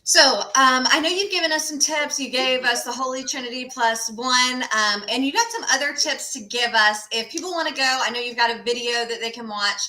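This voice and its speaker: A woman hosting a live interview on a video call, fast-talking and upbeat. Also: high-pitched, sharp tone, reverberant, low-quality recording. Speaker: host.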